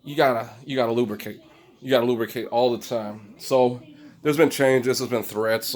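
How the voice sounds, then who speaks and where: A man's voice: mid-range voice, steady tone, normal speed. A man from Phoenix, rambling and swearing freely as he talks to his own camera at home. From Phoenix, Arizona. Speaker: vlogger touring his house. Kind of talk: rambling casual monologue to camera. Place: indoors at home. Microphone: own camera set up in the room.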